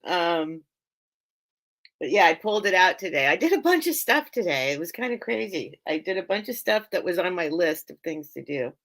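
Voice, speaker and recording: A woman's voice: lowish voice, big pitch swings, moderate pace, fairly bright tone. A woman hosting a live online sale, chatting casually and rambling as she loses her train of thought and laughs often. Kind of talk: casual live-stream chat.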